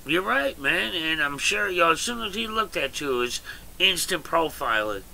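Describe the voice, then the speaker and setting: A man's voice: a little high, big pitch swings, normal speed, vocal fry, sharp tone, rough recording. A middle-aged man hosting a livestream, talking casually and emphatically. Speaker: livestream host. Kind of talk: casual chat.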